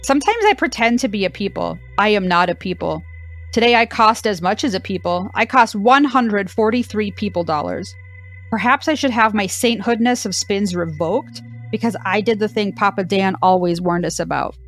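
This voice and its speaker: A woman's voice: mid-range voice, lively intonation, moderate pace, soft background music, lightly acted. A woman voicing a sassy, dramatic deaf female cow dog, reading her diary with a dry, mock-dramatic delivery.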